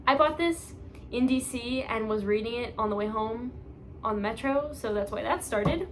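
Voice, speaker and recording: Young woman, chatty, rambling, self-mocking, book vlogger, slightly high voice. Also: normal speed, slight background noise. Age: young adult. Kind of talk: casual chat.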